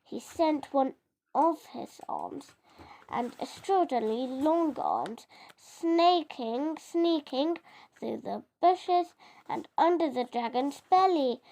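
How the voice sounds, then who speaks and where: A child reading a picture book aloud, halting and often stumbling over words and correcting itself. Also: high voice, very animated, a little mellow. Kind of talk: storybook reading.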